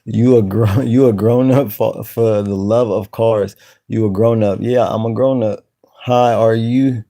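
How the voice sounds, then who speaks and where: A man hosting a casual live stream, greeting viewers by name in relaxed slang. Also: fairly low pitch, measured pace. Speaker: channel host.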